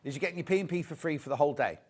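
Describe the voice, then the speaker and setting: A middle-aged man with a fairly high voice races through his patter as host of a live sewing shopping show in a TV studio. He gushes over fabrics and teases the crew in chatty banter.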